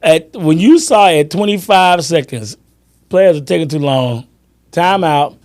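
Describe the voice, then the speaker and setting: A man hosting a sports podcast, telling animated stories in casual chat and acting out his friends' lines. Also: a little high, measured pace. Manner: animated storyteller, acts out friends' lines, laughs often. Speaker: podcast host.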